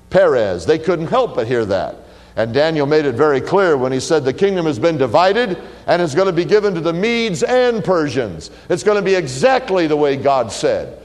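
Animated male preacher in a reverberant hall. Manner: emphatic preaching, swinging from loud declarations to low quiet lines. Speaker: pastor. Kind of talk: sermon.

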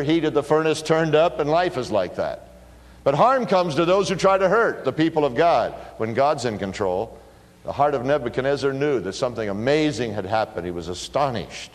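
A middle-aged man preaching a sermon, telling stories with lively bursts of emphasis. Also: medium pitch. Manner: animated storytelling, bursts of emphasis. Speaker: pastor. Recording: long hall reverb.

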